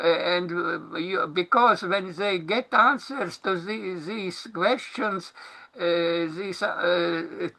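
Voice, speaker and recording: Non-native guy talking slow n halting, lots of uhs, bright gravelly voice. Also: high-pitched. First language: Latvian. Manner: hesitant, many fillers and restarts. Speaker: commentator. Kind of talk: halting solo talk.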